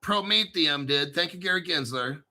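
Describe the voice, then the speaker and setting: High, bright-voiced man talking crypto. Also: moderate pace. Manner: profane, bantering with himself. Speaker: crypto commentator. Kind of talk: casual commentary video.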